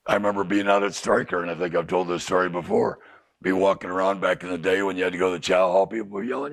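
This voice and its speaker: Gravelly low-voiced male counselor. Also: fairly even intonation, fast. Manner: candid, asks the group rhetorical questions. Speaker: addiction counselor. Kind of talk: group talk to clients. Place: recovery house group room.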